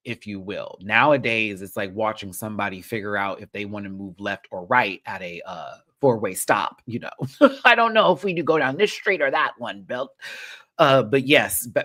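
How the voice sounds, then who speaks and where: Sassy, swearing male recap host. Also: on the low side. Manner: sassy, animated, swears freely. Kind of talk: ranting reality TV recap.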